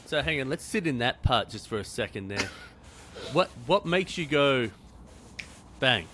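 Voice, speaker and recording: A man's voice: medium pitch, lively intonation, moderate pace, a bit bright, slight background noise. A man hosting a podcast interview, chatty and casual, full of fillers and the odd swear. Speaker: podcast host.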